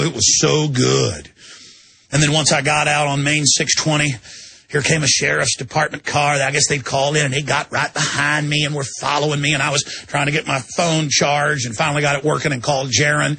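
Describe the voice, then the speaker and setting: Radio host, male, gravelly and husky, bright edge, indignant rant. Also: a little high. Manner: indignant, acts out quotes in shifting voices. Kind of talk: ranting radio monologue.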